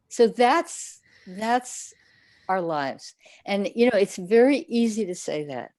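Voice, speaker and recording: A woman's voice: medium pitch, lively intonation, takes it slowly, a little mellow, dry recording. A woman Zen teacher answering questions in a livestream talk, conversational, now and then acting out people's inner voices. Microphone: livestream setup.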